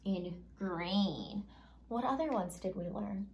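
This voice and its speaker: Her voice in the mid range, a teacher takes young kids through phonics, stretching out each letter sound slowly and theatrically. She keeps the class going with cheerful prompts and praise.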